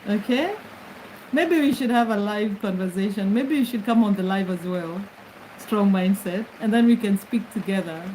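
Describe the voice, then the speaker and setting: A woman's voice: medium pitch, normal speed, warm tone, a little hiss or hum, rough recording. A middle-aged woman from Kenya, chatting casually as host of her livestream from her bed and laughing often as she greets commenters. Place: bedroom, lying on her bed.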